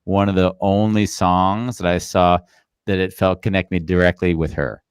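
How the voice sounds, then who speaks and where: A man's voice: sits low, level tone, moderate pace, clean tone, dry recording, studio quality. A man hosting a live interview, chatting casually and rambling with many fillers. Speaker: podcast host.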